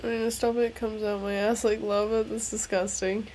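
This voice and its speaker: A young woman streaming a game, chatting casually in a crude, joking and excitable way. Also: medium pitch, normal speed. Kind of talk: casual gameplay stream chat.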